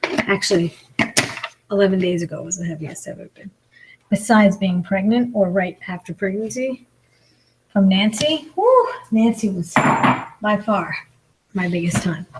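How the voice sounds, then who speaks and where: A woman's voice: mid-range voice, noisy background. A woman in her forties, a comedian chatting casually and mocking herself as she eats on a live video. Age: 40s. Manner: chatty, self-mocking, complaining. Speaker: comedian and mukbang vlogger. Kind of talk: casual chat while eating.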